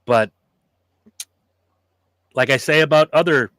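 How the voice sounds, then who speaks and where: A man's voice: fairly high pitch, takes it slowly, a bit bright, no room sound. A middle-aged man hosting a podcast, chatting casually and telling stories with profanity and acted-out quotes. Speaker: podcast host. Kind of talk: casual chat.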